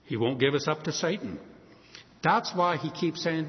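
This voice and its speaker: Animated male preacher in a reverberant hall. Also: medium pitch, fairly quick. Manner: animated storytelling, acts out voices of characters. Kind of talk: sermon. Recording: dull sound in a hall with long reverb.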